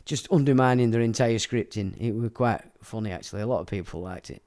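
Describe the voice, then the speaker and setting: Speaking fast in a lowish, slightly mellow voice, a man runs a casual livestream. He chuckles his way through viewer comments and foul-mouthed, crude rants.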